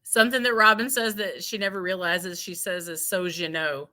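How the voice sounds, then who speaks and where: A woman's voice: on the low side, steady tone, moderate pace, pushed and bright. A woman hosting a podcast, chatting in a playful, teasing way. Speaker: podcast host. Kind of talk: casual chat.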